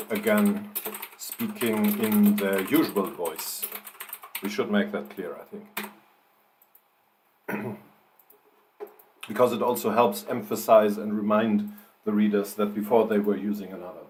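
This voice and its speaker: Man, fairly low voice, very unhurried, dictates punctuation aloud, writer on a live stream. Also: slight background noise, low-quality recording. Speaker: fiction writer streaming his writing.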